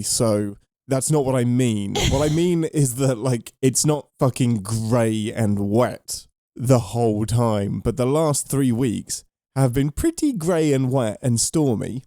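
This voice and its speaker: A man's voice: medium pitch, measured pace, mellow, dry recording, studio quality. A man co-hosting a podcast in casual chat, joking and swearing, with a groggy morning voice. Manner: jokey, swears casually, mock-formal captain intro. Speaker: podcast co-host.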